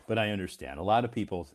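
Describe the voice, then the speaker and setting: A man with a deep, low voice and an American accent hosts a casual live stream as an English teacher. He talks slowly and deliberately, on purpose, with plenty of "uh" and "um" fillers and small restarts. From United States. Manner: slow, deliberate delivery with frequent fillers.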